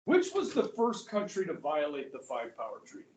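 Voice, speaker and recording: A man's voice: on the high side, huge pitch swings, normal speed, recorded from a distance, slight background noise. A male history teacher lecturing a class in a casual, conversational way, often checking in with "okay" and "guys". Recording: echoey classroom, voice from afar.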